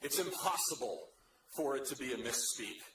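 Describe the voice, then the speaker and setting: A man's voice: medium pitch, animated, normal speed. Man, veteran, rousing rally speech, echoey hall, noisy room. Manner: forceful, rousing oratory. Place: large room with a crowd.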